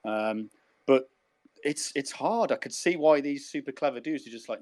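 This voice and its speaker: This is a man co-hosting a relaxed podcast conversation. He talks in an animated way, swears freely and restarts his phrases. His pitch sits in the ordinary middle range for a man. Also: fairly quick. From Birmingham, England. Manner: animated, swears casually, repeats words when starting a sentence. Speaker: podcast co-host. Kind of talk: casual podcast chat.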